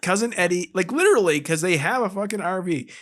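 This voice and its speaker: A man's voice: high-pitched, expressive, fast talker, fairly bright tone. A man co-hosting a podcast in casual chat, making sarcastic jokes and swearing casually. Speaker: podcast co-host. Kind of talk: casual chat recapping a film.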